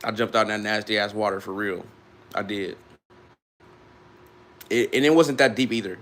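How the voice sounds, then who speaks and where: Young man from Ohio, 20s, livestreamer; rambling, easygoing chat with a low voice. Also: normal speed, fairly bright tone, a little hiss or hum. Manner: rambling, loose and laughing, with many restarts. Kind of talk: casual live-stream chat with viewers.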